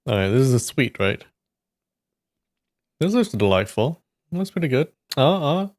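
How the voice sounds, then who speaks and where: Male stream host, unhurried amused musing, dry close sound, middle pitch. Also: very animated, darkish tone, dry recording. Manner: musing, amused, trailing asides. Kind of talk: casual chat while tasting snacks.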